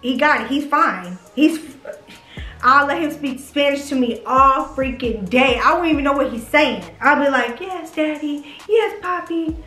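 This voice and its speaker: A young woman, high and bright, gushes in a casual vlog chat, swearing freely and teasing her viewers. Her voice rings around an echoey room with faint music underneath. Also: normal speed. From Houston, Texas. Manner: gushing and profane, teasing the viewers. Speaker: vlogger. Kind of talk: casual chat, smash-or-pass reactions.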